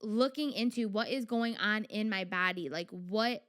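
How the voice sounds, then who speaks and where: A young adult woman hosting her own podcast, talking in a chatty, animated way with lots of fillers and quoted inner voices. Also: mid-range voice, normal speed. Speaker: podcast host. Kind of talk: casual solo podcast talk.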